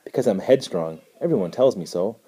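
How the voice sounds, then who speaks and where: A man voicing a sharp-witted, scrappy young boy who questions in a brisk, businesslike way for a storybook. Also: lowish voice, lively intonation, slightly rough. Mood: eager.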